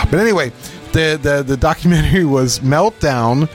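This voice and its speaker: A middle-aged man from Pennsylvania, co-hosting a podcast and telling stories in casual chat, acting out quotes with lively animation. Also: fairly high pitch, moderate pace, soft background music. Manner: animated storyteller, acts out quotes. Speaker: podcast co-host.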